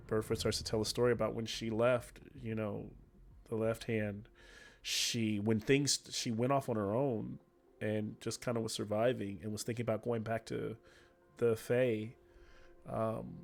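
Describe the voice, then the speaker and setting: A man's voice: fairly low pitch, vocal fry, darkish tone. A man narrating as game master of a tabletop game in a loose, chatty way.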